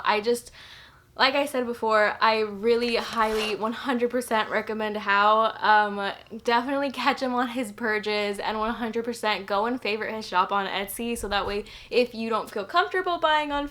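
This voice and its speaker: This is a casual vlog in which a young Texan woman unboxes a plant, her voice on the high side and a bit bright. Emotional to the point of tears, she gushes and chats, filling her speech with "like."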